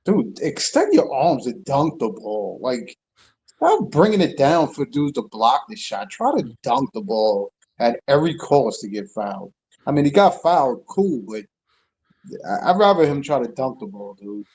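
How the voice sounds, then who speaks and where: A man's voice: mid-range voice, sing-song, moderate pace, a little mellow, a little hiss or hum. A man co-hosting a sports podcast, giving blunt, opinionated remarks in a casual, slangy way. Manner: blunt, opinionated, says "dude". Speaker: podcast co-host.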